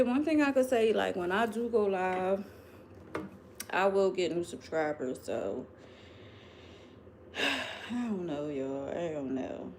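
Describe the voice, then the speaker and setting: A woman's voice: lowish voice, darkish tone, slight background noise. A young woman chats loosely on a live stream, speaking right to her viewers. She takes her time and lets her thoughts wander from one to the next, rambling in no hurry. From Philadelphia, US. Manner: chatty, rambling, talks straight to viewers. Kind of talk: casual live-stream chat.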